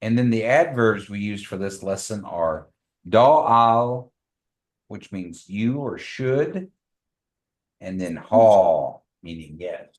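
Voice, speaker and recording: Guy teaching a language class, slow and patient, saying words over for the room, lowish voice. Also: expressive, darkish tone. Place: classroom with a group of students.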